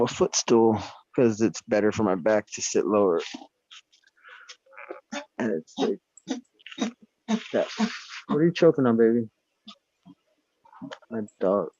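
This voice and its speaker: Man, casual chat, rambling, profane, lowish voice, slightly dull lo-fi sound. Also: big pitch swings, takes it slowly, pauses often, darkish tone, dry recording. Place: indoors at home.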